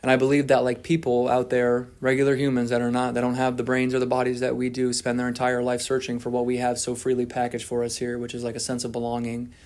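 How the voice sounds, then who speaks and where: A man's voice: medium pitch, completely flat delivery, quick pace, few pauses, a little mellow. A man telling his story at a twelve-step recovery meeting, candid and self-deprecating, often restarting his sentences.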